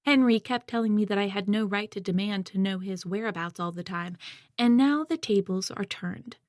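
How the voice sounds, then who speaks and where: A woman reading a first-person audiobook in a measured, reflective way. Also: medium pitch, a little mellow, no echo, studio quality. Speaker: audiobook narrator.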